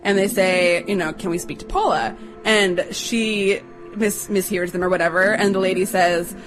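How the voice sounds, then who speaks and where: A young adult woman chattily telling a personal story to listeners, acting out the quotes in a higher voice. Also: steady tone, normal speed, faint music behind, low-quality recording.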